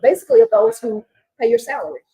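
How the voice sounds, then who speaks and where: A woman's voice: high voice, wildly swooping pitch, fast, dark tone, rough recording. A woman co-hosting a talk show in a studio, speaking emphatically. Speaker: co-host. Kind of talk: casual talk-show banter.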